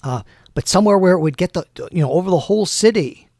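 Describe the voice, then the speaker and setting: A man raises his voice to play a frightened young woman caught up in a tabletop adventure. She stammers and repeats herself as she pleads, in a high but gravelly voice. The sound is close and dry. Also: lively intonation, quick pace, a little mellow, dry recording. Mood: scared, pleading.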